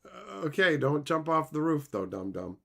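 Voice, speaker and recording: Sarcastic, swearing streamer with a lively voice. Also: mid-range voice, normal speed. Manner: sarcastic, mocking, swears often; laughs between remarks. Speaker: streamer reading chat aloud. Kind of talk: casual reaction chat.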